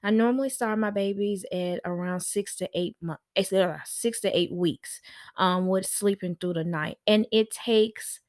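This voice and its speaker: A woman's voice: mid-range voice, a little slow, no room sound, studio quality. A middle-aged woman, a nanny hosting a parenting show, giving casual, sassy advice and acting out the people she quotes.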